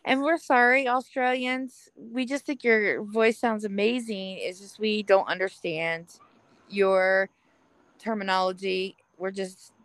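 Animated woman telling stories, dry sound. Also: medium pitch, slow, no room sound. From American Midwest. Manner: animated storyteller, acts out quotes. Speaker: podcast co-host. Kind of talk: casual chat.

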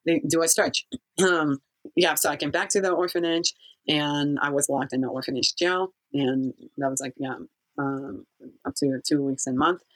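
Halting woman recounting her past. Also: deep voice, steady tone, low-quality recording. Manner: halting, with many fillers and restarts. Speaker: guest. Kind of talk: personal storytelling in an interview.

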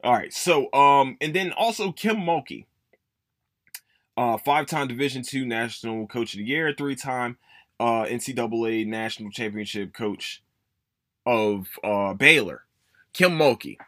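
A man hosting a casual sports podcast, ranting emphatically with plenty of swearing and sudden high-pitched emphasis. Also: measured pace, a bit bright, no room sound, studio quality. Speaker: podcast host.

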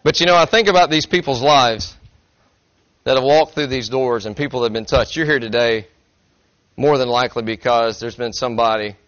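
A man's voice: mid-range voice, fairly bright tone. Folksy joking man preaching a sermon. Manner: folksy, self-deprecating, joking. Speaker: pastor. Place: church sanctuary. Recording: dry, slightly dull recording.

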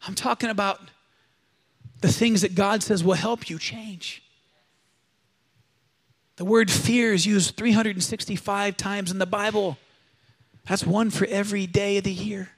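High-voiced pastor guy preaching hard, calls the church to say it back with him. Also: steady tone, measured pace, pauses often, breathy edge. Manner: emphatic and exhortative, leading the congregation in call-and-response. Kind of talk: sermon. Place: church service.

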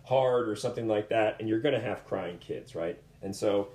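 A man who coaches combat sports tells stories in conversation, earnest and rambling, often restarting his sentences. His voice sits on the low side, mellow and at a moderate pace, with a little hiss or hum, recorded in an echoey room.

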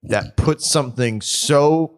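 A man's voice: a little high, slow pace. A man co-hosting a podcast in casual chat, rambling with many fillers and restarts. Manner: rambling, full of fillers and restarts, laughs often. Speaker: podcast co-host.

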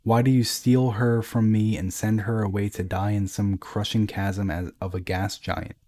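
A man voicing a boisterous drunken emperor who jeers loudly and bellows at those around him. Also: fairly low pitch, lightly acted. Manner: loud, jeering, theatrical outbursts.

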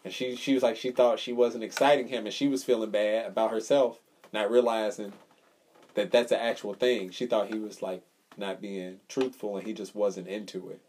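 A man's voice: on the low side, steady tone, normal speed, a little mellow. A man co-hosting a casual podcast chat, telling a story with swearing and acting out the quotes. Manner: storytelling, profane, acts out quotes. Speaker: podcast co-host.

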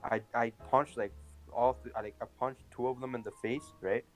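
A man's voice: medium pitch, steady tone, normal speed, faint music behind. A man in casual podcast chat over an online call, telling a story in a heated, swearing rush.

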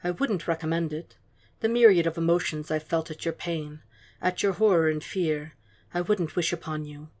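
A woman voicing a cool, controlled man who speaks softly and coaxingly, in a murmuring audiobook reading. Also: deep voice, moderate pace, close to an everyday voice. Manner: soft, murmuring delivery.

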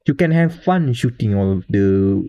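A man's voice: on the low side, expressive, moderate pace, muffled recording. A man with a Malaysian English accent, co-hosting a casual podcast panel and talking at length with restarts and small chuckles. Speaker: podcast co-host.

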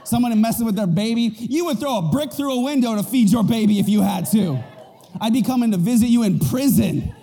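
A male pastor preaching a lively, joking sermon, often checking in with the crowd. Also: very high voice, a little fast, vocal fry, in a large hall. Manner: animated and joking, asks the crowd "right?". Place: church auditorium.

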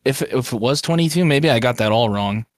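Lively, chatty male podcast co-host. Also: medium pitch, no room sound, studio quality. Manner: lively, swears casually, jumps in with quick remarks. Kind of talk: casual chat.

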